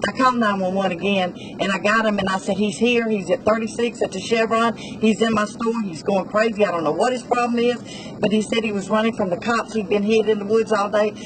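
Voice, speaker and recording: A woman's voice: medium pitch, fairly quick, background noise. A woman, a store clerk telling a news interviewer her story and acting out the dialogue. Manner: animated storytelling, acts out dialogue.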